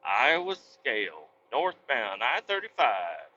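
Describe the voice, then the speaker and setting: A man vlogging from his truck on the highway, chatting casually in a blunt, rambling way and swearing freely. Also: wildly swooping pitch, takes it slowly, bright, forceful tone. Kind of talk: casual chat while driving. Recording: dull lo-fi audio with faint road noise.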